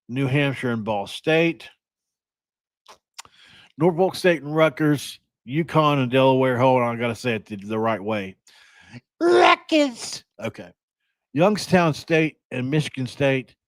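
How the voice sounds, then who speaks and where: A man's voice: mid-range voice, dry recording. A young man from West Virginia hosting a casual sports podcast, rambling and joking in a self-deprecating way. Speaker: podcast host.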